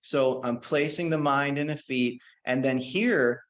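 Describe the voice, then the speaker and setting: A man, teaching as a qigong instructor, telling a story and then talking listeners through a slow guided meditation. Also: mid-range voice. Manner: relaxed, anecdotal, slows down for meditation cues.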